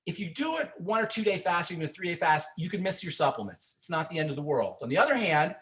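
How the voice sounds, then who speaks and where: A man's voice: a little high, big pitch swings, fast talker, a bit bright. A man, a pharmacist hosting a call-in health radio show, talking in an emphatic, preachy way and repeating phrases for stress.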